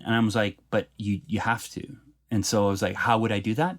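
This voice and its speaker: A middle-aged man from Canada, a playwright, speaking earnestly and with feeling in a podcast interview, and growing animated when he talks about laughter and tears. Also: lowish voice, fast. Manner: earnest, heartfelt storytelling.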